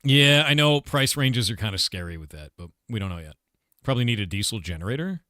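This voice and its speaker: A man's voice: lowish voice, expressive, brisk, sharp tone, dry recording, clean studio sound. A man casually chatting with his livestream audience, rambling and blunt, swearing now and then. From United States. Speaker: streamer and game developer.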